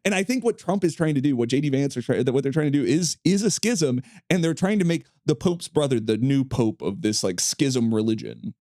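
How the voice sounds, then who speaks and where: A man co-hosting a comedy podcast. He delivers deadpan quips and mock-solemn asides. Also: mid-range voice, fairly quick, hardly any pauses, no echo, clean studio sound. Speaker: podcast co-host. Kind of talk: casual comedy chat.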